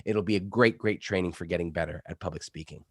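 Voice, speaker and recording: Energetic male public speaking coach. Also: low-pitched, quick pace, no room sound, clean studio sound. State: sick. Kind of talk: online workshop instruction. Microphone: studio microphone.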